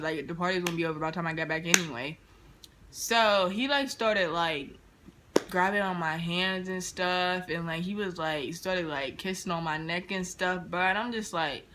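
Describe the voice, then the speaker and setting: Young woman vlogger, animated slangy storyteller, bright tone. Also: fairly low pitch, moderate pace, a little hiss or hum. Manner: animated, slangy retelling with quoted dialogue. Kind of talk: casual storytime. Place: indoors near a street, car noise outside.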